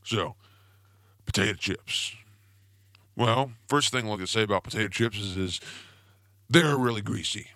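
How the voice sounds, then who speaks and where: A man's voice: on the low side, normal speed, pauses often, bright, forceful tone, dry recording, clean studio sound. A young man hosting a podcast, telling rambling goofy stories in a casual comedic monologue. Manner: rambling, goofy, self-promoting storyteller. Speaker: podcast host.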